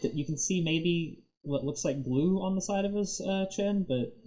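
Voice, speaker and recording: Man, game master, tabletop game narration, rambling, fillers, mellow dark voice. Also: sits high, moderate pace, low-quality recording. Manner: rambling, many fillers, laughs often.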